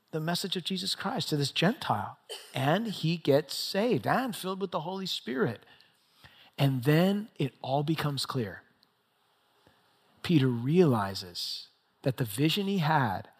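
A middle-aged man preaching a conversational sermon, telling stories and growing excitable as he talks. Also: slightly rough. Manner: conversational storytelling, excitable with rising pitch. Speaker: pastor.

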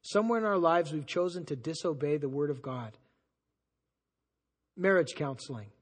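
A man preaching a sermon as pastor, conversational and animated, acting out the people he quotes. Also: fairly high pitch, normal speed. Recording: long hall reverb.

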